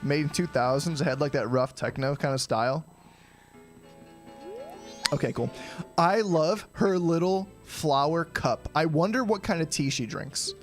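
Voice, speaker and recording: Chatty male streamer, slightly high voice. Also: a little slow. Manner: rambling, chatty, frequent throat clearing. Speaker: game streamer. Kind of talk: casual live-stream commentary. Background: game music.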